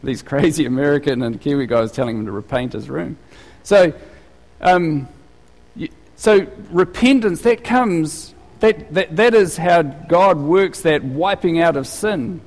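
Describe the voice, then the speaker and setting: A man's voice: fairly high pitch, a little slow, a little mellow, big-room sound. A male pastor giving a sermon, telling stories in a conversational way with frequent restarts.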